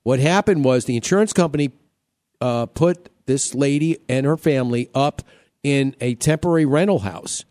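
A man's voice: mid-range voice, moderate pace, darkish tone, dry recording. A man hosting a home-repair radio show, talking casually, repeating himself and cracking jokes. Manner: chatty, repeats himself, joking.

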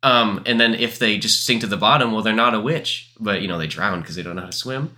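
A young man co-hosting a casual podcast, joking and laughing, then reading a scary story aloud slowly. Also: on the low side, sharp tone. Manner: joking, laughs often, slow deliberate reading. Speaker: podcast co-host.

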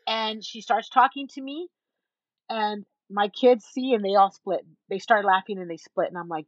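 A woman guest in an interview, telling a story in an animated way and acting out the people in it. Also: medium pitch, moderate pace, no room sound, highs cut off. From Texas. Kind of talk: storytelling in a conversation.

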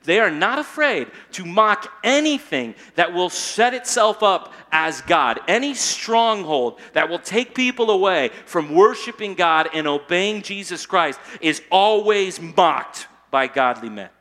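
A male pastor giving an animated, conversational sermon, often tagging his points with "okay?". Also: high voice, unhurried, few pauses.

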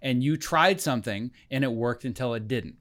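A man's voice: medium pitch, moderate pace, a bit bright. A man speaking as a podcast guest, talking in an earnest, emphatic way like a motivational coach. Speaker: guest, film editor and coach. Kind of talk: podcast conversation.

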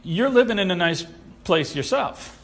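A man preaching a sermon, animated and sarcastic, who acts out the people he quotes. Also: high voice, moderate pace, gravelly. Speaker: pastor.

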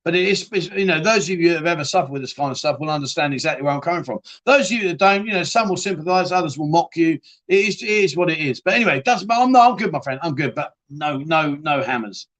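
On his rambling, casual live-stream chat show, a man answers viewers bluntly and chattily, cursing freely and often breaking off to restart sentences. His slightly high, slightly bright voice is expressive and fast, with few pauses.

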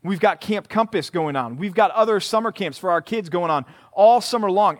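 A male pastor giving a conversational sermon to a college group in a church room, emphatic and repeating key words. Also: high-pitched.

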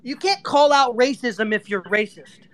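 A woman's voice: a little high, normal speed. A woman from Puerto Rico arguing in a live audio chat, combative and insulting.

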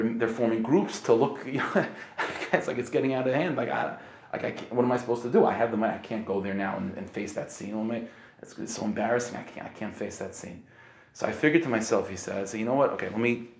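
A man telling a story in a casual, animated way, acting out the people in it with many restarts. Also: lowish voice, gravelly, echoey room. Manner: animated, acts out quoted voices, frequent restarts.

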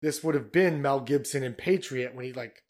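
A man's voice: mid-range voice, normal speed, darkish tone. A man rambling through a casual history chat, swearing and filling with "like" and "you know.". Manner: rambling, profane, filler-heavy.

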